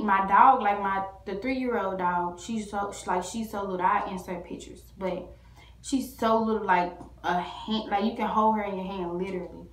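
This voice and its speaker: A woman vlogger telling a story casually to camera, rambling with many fillers and restarts. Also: medium pitch. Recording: echoey room.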